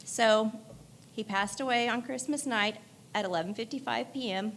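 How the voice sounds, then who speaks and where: At a church memorial service, a daughter delivers a eulogy for her late father, sharing candid stories while laughing through tears and sometimes crying. Her voice is fairly high and fairly bright, at a moderate pace, with a little hiss or hum in the recording.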